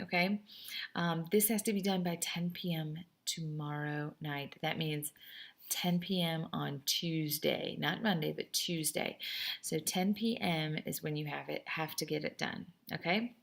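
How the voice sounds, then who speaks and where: A young woman teaches a casual French class. Her voice is going a bit hoarse, with a gravelly edge. She keeps it light and teasing, then slows right down to sound out each French phrase. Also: low voice, steady tone. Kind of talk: classroom lesson recorded for students.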